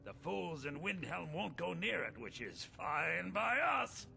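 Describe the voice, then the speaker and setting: Swaggering pirate captain, gravelly and bright, voice swinging all over, rough brogue that slips, game music under it. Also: male voice, a little high, big pitch swings, a little slow, heavily acted. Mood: sly. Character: swaggering male pirate captain, boastful and crafty. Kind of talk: video game voice acting.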